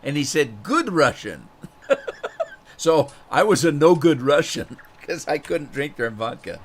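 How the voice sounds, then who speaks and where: On the high side and unhurried, a gaming streamer's voice carries a rambling anecdote, punctuated by chuckles and repeated words, as he plays a farming game and then greets chat. Slight background noise is audible.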